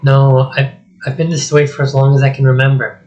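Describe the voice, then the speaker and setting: A man voicing a cursed young princess while reading a script aloud, speaking softly and pleadingly. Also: medium pitch, level tone, brisk, dull audio, natural voice. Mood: earnest. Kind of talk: solo script reading with voices.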